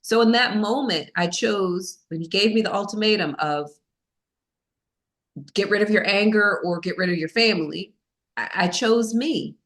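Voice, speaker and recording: A woman's voice: mid-range voice, normal speed, a bit bright. A woman as a podcast guest, telling a personal story in a candid, self-mocking way, with many fillers.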